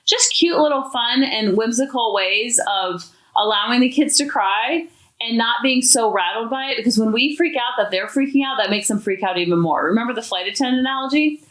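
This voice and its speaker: A woman hosting a parenting podcast, talking in a chatty, animated, expressive way. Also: fairly high pitch, brisk. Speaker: podcast host. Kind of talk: casual parenting talk. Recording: echoey room.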